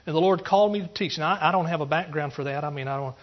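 A pastor from East Texas giving an earnest testimony sermon, rambling through restarts and rising into emphatic preaching. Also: male voice, a little high, very fast, lo-fi sound.

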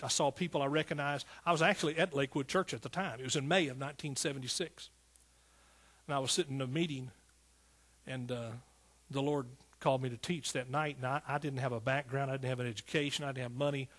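Husky older male pastor preaching fervently. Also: mid-range voice. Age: 60s. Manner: storytelling, swings from soft asides to fervent exhortation. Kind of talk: sermon.

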